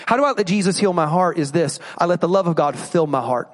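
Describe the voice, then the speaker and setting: A man's voice: fairly high pitch, fast talker. A man preaching a sermon, asking rhetorical questions and acting out inner voices. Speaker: pastor.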